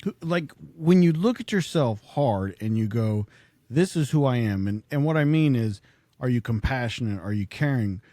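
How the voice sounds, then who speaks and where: A male podcast host asks a string of probing questions. His voice is dark and mellow but lively, rising and falling a lot, and the recording is dry and close. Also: mid-range voice, normal speed, no echo. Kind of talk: interview questions.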